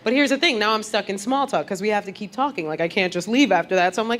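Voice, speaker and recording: A woman comedian telling brash, animated, streetwise stories in a stand-up set on a club stage. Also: mid-range voice, fast, hardly any pauses. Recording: live club with loud audience.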